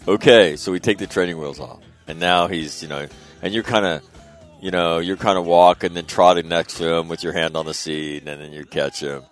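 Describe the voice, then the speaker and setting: Deep-voiced man hosting talk radio. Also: normal speed, faint music behind. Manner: animated, swears casually, acts out voices loudly. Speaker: radio show host. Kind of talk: casual talk radio storytelling.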